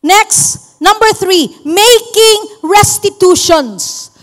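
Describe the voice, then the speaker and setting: A woman's voice: very high-pitched, expressive, takes it slowly, fairly bright tone. A Filipino woman preaching a sermon, teaching emphatically and slipping into acted quotes. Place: church hall. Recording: long hall reverb.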